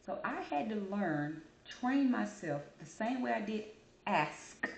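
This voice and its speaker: A woman hosting her channel, talking casually to camera and telling her story in an animated, chatty way. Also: lowish voice. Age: adult. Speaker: channel host. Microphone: camera mic. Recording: roomy echo.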